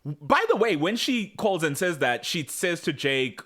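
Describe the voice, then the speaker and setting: A man co-hosting a podcast, recapping a TV episode in casual chat and acting out the characters' lines in quick voices. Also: a little high, lively intonation, sharp tone. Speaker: podcast co-host.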